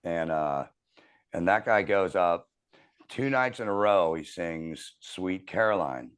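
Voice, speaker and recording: A man in his thirties telling a profane, animated story as a podcast host in casual chat. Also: fairly low pitch, measured pace, gravelly.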